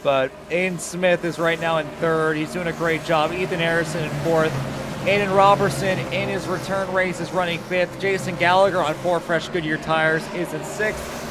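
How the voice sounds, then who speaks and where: A man doing casual race commentary, swearing freely and getting loud for the action. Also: a little high, moderate pace. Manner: loose, swearing, rising to excited calls. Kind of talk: casual sim-racing commentary. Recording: noisy background.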